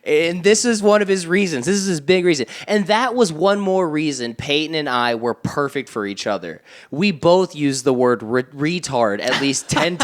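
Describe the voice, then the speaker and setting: A man's voice: on the high side, a bit bright. A man co-hosting a casual comedy podcast, reading text messages aloud and breaking off to mock them, often laughing.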